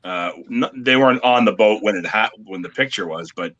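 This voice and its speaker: A man with a lowish voice speaks hesitantly, with many pauses and fillers. His tone is edgy and bright, and the call audio is dull. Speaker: guest on video call. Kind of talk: casual chat.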